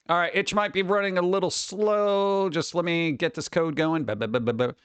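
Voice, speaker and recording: A man hosts a casual livestream, jokey and excitable, breaking into sudden exclamations while chatting with viewers. His fairly high voice has a clean tone at normal speed, recorded dry and close with no room sound.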